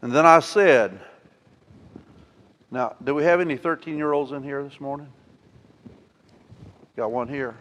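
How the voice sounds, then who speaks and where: Male pastor, measured unhurried delivery, animated scripture readings. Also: mid-range voice. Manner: animated, acts out scripture with rising emotion. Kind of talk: sermon. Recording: long church reverb.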